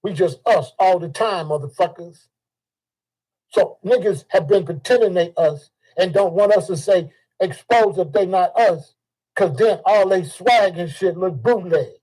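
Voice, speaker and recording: An older man. His voice sits high for a man. He delivers a heated, profane monologue and circles back to the same points again and again. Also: measured pace, mellow, breathy edge, rough recording. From Chicago. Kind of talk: ranting monologue.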